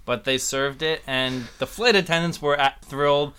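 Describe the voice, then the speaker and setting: A young man, the podcast's producer, chatting in a relaxed way with many "like"s. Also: on the high side, normal speed, smooth. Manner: relaxed, chatty, says "like" a lot. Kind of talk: casual chat.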